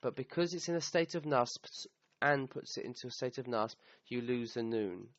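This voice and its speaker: A man's voice: mid-range voice, normal speed, no echo. A man teaching a recorded Arabic grammar lesson on Quran verses. He explains step by step and checks in with the listener with "okay?". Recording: slightly dull, dry sound.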